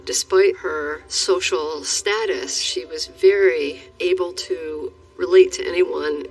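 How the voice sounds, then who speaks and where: A woman's voice: low voice, steady tone, slow, husky, far from the mic, faint music behind, low-quality recording. A woman interviewed about a friend, speaking thoughtfully in a reflective interview.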